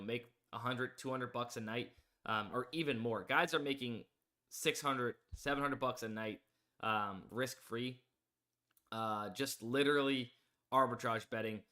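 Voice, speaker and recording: Man, sports betting stream host, bright tone, mid pitch, casual rambling chat. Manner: rambling, filler-heavy, promo-pushing. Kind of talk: casual live stream commentary.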